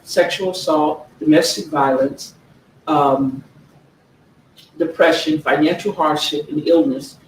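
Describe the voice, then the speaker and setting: Woman author, earnest book talk, slow emphatic read-aloud, distant mic with faint noise. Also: deep voice, roomy sound. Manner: earnest, slow emphatic reading, frequent "okay?" check-ins. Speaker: author presenting her own book.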